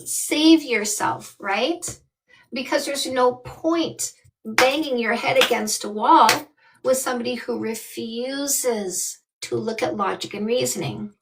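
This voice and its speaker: A woman's voice: on the high side, slow pace, rough recording. A woman in her fifties from Canada, a dating coach giving blunt, emphatic advice on a live call. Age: 50s.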